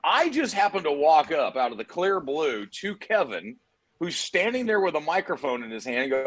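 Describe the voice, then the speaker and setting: A middle-aged man from Texas, a guest on a video-call chat show, telling stories in a hammy, animated way and acting out what others said. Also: fairly high pitch, normal speed. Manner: animated storyteller, hammy, acts out quotes. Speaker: guest, PDR trainer. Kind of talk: casual chat.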